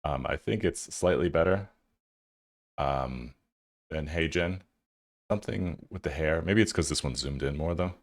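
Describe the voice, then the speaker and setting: A man's voice: extremely low pitch, measured pace, long pauses, no echo, studio quality. A man hosting a tech channel, giving loose, casual commentary over his screen and thinking aloud with fillers.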